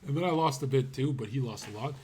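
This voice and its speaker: A man's voice: mid-range voice, fast, a little mellow. Brash rambling male streamer. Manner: rambling, brash, with many fillers and trailing-off asides. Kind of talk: casual livestream monologue.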